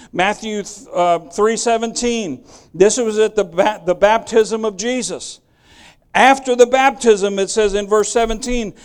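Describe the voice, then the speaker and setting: High-voiced older male preacher. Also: clean tone. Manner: storytelling, emphatic, swings from loud exhortation to quiet asides. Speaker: pastor. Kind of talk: sermon.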